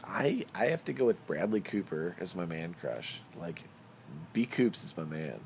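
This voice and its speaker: A man's voice: low-pitched, animated, normal speed, creaky, a little mellow, a little hiss or hum. A young man hosting a casual podcast chat, playful and laughing often. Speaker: podcast host.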